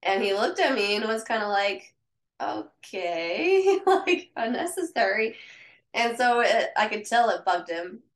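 A woman's voice: fairly high pitch, animated, moderate pace. Woman, casual podcast chat, candid storytelling, echoey room. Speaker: podcast co-host.

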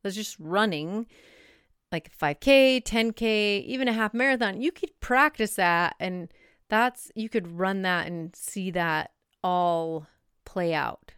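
Chatty woman podcast host, smooth clear voice, dry close mic, laughs a lot. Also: medium pitch, slow pace, fairly bright tone, no room sound. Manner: chatty, laughs often, acts out her own self-talk. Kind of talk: casual solo podcast monologue.

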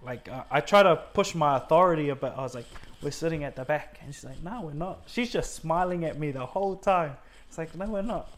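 Fairly high-pitched and fairly bright, this man's voice moves fairly quickly with few pauses. He's a guest from New Zealand giving an earnest faith testimony in conversation. Heavy on fillers, he dramatizes the words he and others spoke.

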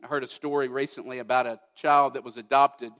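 Man, sermon, emphatic, rhetorical questions, loud-to-hushed swings, church sanctuary, long reverb. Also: mid-range voice, little pitch movement, a little fast. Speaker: pastor.

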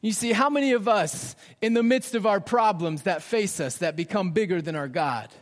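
A fairly high-pitched man in his thirties delivers a sermon, his voice ringing out with a long reverb in a large church space. He rises for emphasis, then sinks to soft, almost whispered phrases. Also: normal speed. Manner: dynamic, drops to hushed near-whispers for emphasis. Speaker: pastor.

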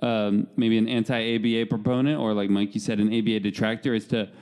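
A man's voice: fairly low pitch, little pitch movement, fairly quick, darkish tone, clean tone. Agreeable male podcast co-host. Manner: affirming, agreeable, says "absolutely" often. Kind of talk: casual podcast chat.

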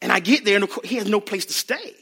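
A man preaching a sermon as a youth ministry speaker, animated and playful, acting out scenes and laughing as he talks. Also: high voice, quick pace, vocal fry, husky. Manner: animated, acts out bits, laughs.

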